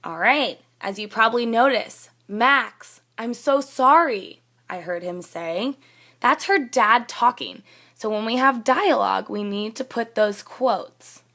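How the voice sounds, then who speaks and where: A woman's voice: fairly high pitch, unhurried, a bit bright. A young woman teacher reading a student's story aloud and patiently explaining her editing marks in a classroom demonstration. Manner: reads a student's text aloud, then comments plainly and patiently.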